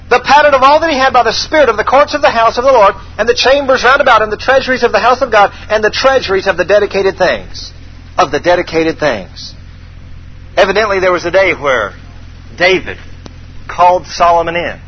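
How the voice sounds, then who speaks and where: A male preacher giving a sermon with animated call and response and dramatic scripture reading, on a dull recording. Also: high-pitched, brisk, breathy edge.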